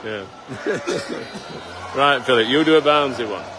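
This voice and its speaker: Over music, a man who farms and hosts a live stream speaks slowly in a mid-range voice. He chats casually, teasing his colleagues and restarting often.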